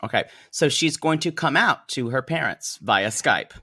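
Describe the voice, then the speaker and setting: Brief: male podcast co-host, bright and animated, recapping with jokes, dry close mic. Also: mid-range voice, moderate pace, breathy edge, dry recording. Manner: recapping, joking, many ums and laughs. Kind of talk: casual comedic chat.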